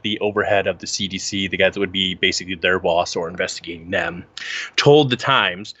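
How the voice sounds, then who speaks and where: This podcast co-host has a lowish voice, and the dry recording has its highs cut off. He's animated while chatting and reading articles out, often tripping over the words.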